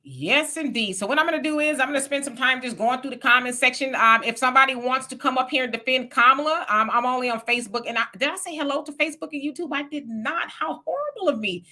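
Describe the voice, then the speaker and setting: A woman's voice: sits high, quick pace, hardly any pauses, sharp tone. A woman hosting a livestream in a casual, chatty way, greeting viewers by name and reading their comments aloud. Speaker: livestream host.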